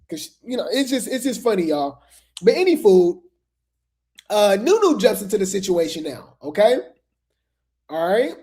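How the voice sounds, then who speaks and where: Gossipy commentary host, mid pitch. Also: sing-song, moderate pace, mellow. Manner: chatty, repeats phrases, gossipy asides to viewers. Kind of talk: casual drama commentary.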